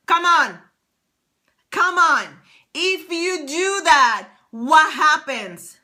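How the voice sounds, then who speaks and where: Bright woman doing a motivational talk, keeps repeating stuff, lots of questions at you. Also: high-pitched. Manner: emphatic and repetitive, asking rhetorical questions. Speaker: motivational speaker.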